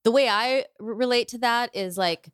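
A woman in her forties, a comedian, talking candidly as a podcast guest in quick bursts with halting restarts. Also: fairly high pitch, a bit bright, clean tone, dry recording, studio quality. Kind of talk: casual chat.

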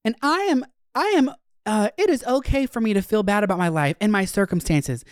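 A man voicing an earnest young woman who talks about feelings in a calm, validating way. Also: high-pitched, brisk, dry recording, studio quality, pitched above the performer's own voice.

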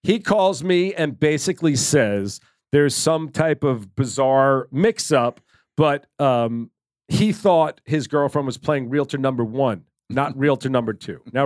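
A man hosting a podcast, telling stories in an animated way, swearing and laughing as he goes. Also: fairly high pitch, dry recording, clean studio sound. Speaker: podcast host and director. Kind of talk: casual storytelling chat.

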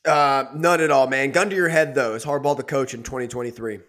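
A man's voice: medium pitch, fairly even intonation, fairly quick, a bit bright. A man co-hosting a sports podcast in casual talk, laid-back and agreeable, calling his partner "man" and "dude".

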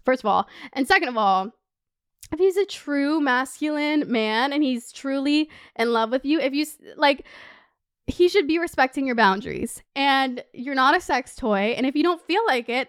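A young woman in her twenties hosting a podcast, talking in a candid, animated way, full of "like" and open swearing. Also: high voice, moderate pace, clear, resonant tone, no echo, studio quality. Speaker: podcast host. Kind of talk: casual advice chat.

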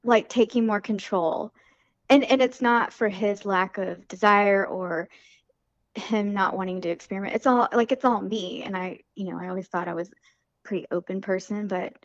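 A woman's voice: medium pitch, fairly even intonation, normal speed, no room sound, lo-fi sound. A woman guest talking casually and hesitantly about personal matters, with many fillers and a tearful edge. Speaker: podcast guest.

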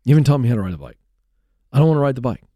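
A man's voice: mid-range voice, very animated, rapid-fire, no room sound, dull audio. A man doing a hesitant, mumbling little boy. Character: discouraged young boy learning to ride a bike.

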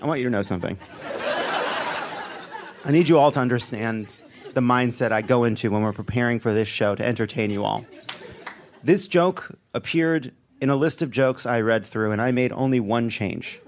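A man anchoring a satirical comedy news segment, delivering jokes deadpan and breaking into asides. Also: mid-range voice, moderate pace, slight background noise.

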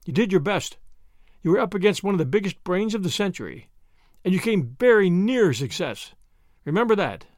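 A man reading an audiobook, voicing a grave, kindly older official who speaks in a measured way. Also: high-pitched, very animated, a little mellow, no room sound, studio quality.

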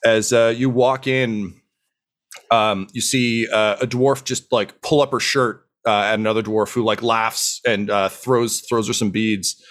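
A man's voice: lowish voice, fairly even intonation, unhurried, a bit bright. A man running a tabletop game as game master, narrating with many hesitations and fillers.

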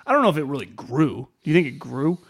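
A man co-hosting a football podcast, riffing fast with opinions and stats. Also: fairly high pitch, sing-song, creaky, breathy edge. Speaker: podcast co-host. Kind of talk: casual sports chat.

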